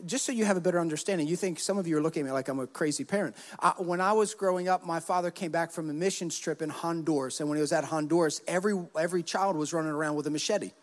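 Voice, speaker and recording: Brief: male pastor, high voice, lively storyteller, church hall reverb. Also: very fast, hardly any pauses. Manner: animated storytelling, acts out quotes. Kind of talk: sermon with personal stories.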